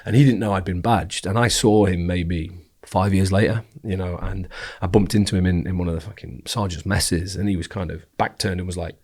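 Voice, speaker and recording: A man's voice: deep voice, a little fast, husky. A man with an English accent, a former special forces sniper telling his stories frankly in a casual podcast interview, swearing often. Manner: frank, heavy swearing, animated retelling.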